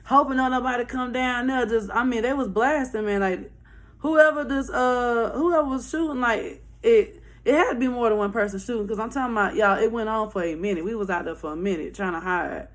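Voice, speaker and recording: A woman telling a wild story to her viewers in casual slang, animated, profane and laughing. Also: fairly high pitch, a little fast.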